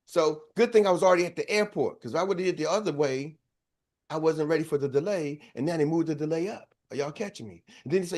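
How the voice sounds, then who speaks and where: High-voiced man preaching motivation. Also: quick pace, darkish tone. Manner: preachy, storytelling, calls out to the audience. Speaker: sales coach. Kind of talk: motivational speech.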